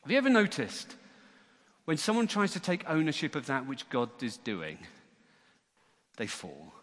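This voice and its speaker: A man preaching a sermon as church leader, lively and acting out the voices in a Bible story. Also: fairly high pitch. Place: church hall. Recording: long church-hall reverb.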